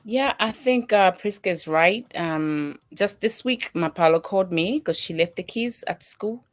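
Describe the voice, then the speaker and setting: A woman co-host and mother, telling everyday stories in casual chat with lively acted-out exchanges. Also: fairly low pitch, a little slow. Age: adult mother. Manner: animated storytelling, voices her daughter and herself.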